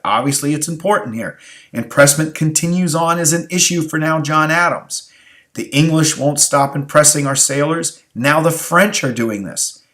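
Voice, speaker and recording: A man's voice: medium pitch, a bit bright. A tired male history teacher giving a review lecture, asking rhetorical questions and repeating key phrases. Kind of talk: recorded exam review lecture.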